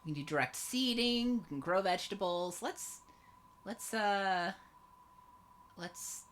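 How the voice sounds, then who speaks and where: A woman's voice: mid-range voice, lively intonation, takes it slowly. A woman co-hosting a retro game stream, teasing and swearing playfully in casual chat. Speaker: stream co-host. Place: home stream setup.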